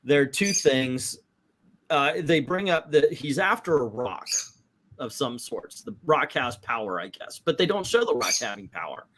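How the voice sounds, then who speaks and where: Animated man with a lively voice. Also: mid-range voice, moderate pace. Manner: animated, acts out quotes in voices. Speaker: comic book show host. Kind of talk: casual livestream chat.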